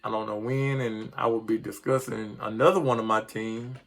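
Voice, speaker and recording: Man, middle-aged, gravelly voice, frustrated rambling sports rant, casual vlog. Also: fairly low pitch, steady tone, moderate pace. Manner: frustrated, rambling, stumbles over words. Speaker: sports vlogger.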